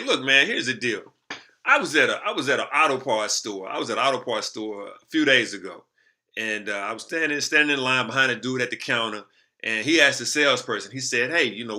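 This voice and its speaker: A man telling a story to the camera in casual, slangy talk, lively and animated. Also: mid-range voice. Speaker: motivational speaker.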